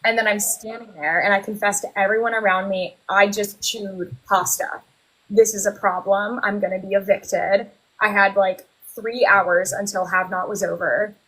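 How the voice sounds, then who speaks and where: A young woman on a video call retells her stories in an excitable, laughing way. Her voice has a breathy, husky edge. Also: mid-range voice, moderate pace, low-quality recording. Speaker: guest, former reality show contestant. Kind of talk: casual group chat on a livestream.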